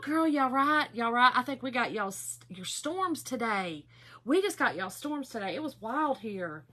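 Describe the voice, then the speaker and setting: A woman's voice: high-pitched, animated, normal speed, pushed and bright. Bubbly Southern woman hosting a craft livestream. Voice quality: bubbly, chatty, greets viewers by name. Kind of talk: casual live chat while crafting.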